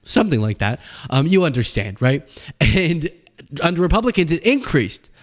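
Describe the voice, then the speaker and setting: A young man talks through politics and his own travel stories in a loose, chatty way. His voice sits slightly high and swings widely, and he slips into exaggerated high voices whenever he imitates someone. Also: moderate pace. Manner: animated storytelling, acts out quoted people in high voices. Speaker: political commentary host. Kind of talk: casual political commentary.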